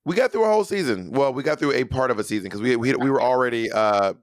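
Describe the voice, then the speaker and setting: A man in his thirties from New York co-hosting a podcast in campy, animated casual chat. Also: mid-range voice, fast talker. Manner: campy, animated storyteller, breaks into shouted stage hype. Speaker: podcast co-host.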